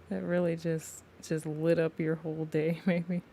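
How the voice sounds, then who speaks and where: A woman's voice: low voice, little pitch movement, slow, mellow, a little hiss or hum. A young woman chatting casually with her viewers while she draws live, laughing often and calling them y'all. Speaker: livestreaming artist.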